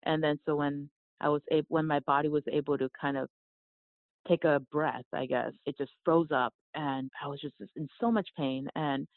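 A gravelly, fry-laden voice heard over a tinny, phone-like line, dry with no room sound. The speaker, from South Korea and a yoga teacher, talks earnestly and reflectively, often restarting phrases. The pitch sits in a middle range. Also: fairly even intonation, normal speed, no room sound. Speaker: podcast guest, yoga teacher. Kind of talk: storytelling in conversation.

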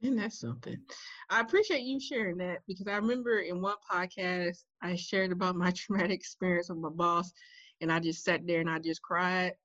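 A woman podcast host in casual conversation, expressive and affirming as she responds. Her voice comes through a slightly dull, lo-fi recording that is dry and close. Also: on the low side, brisk, no echo.

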